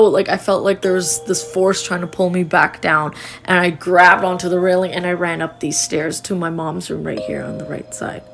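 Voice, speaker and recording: Young woman with a gravelly, low voice. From Canada. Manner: chatty, many "like" fillers. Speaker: storyteller. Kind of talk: casual storytelling. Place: indoors, walking through a house.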